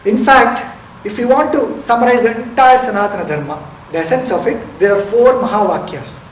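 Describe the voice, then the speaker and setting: A man's voice: high-pitched, fairly quick. A man giving a spiritual lecture as a meditation teacher, explaining step by step, asking rhetorical questions and stressing key words. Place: lecture hall. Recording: roomy hall, distant mic, faint noise.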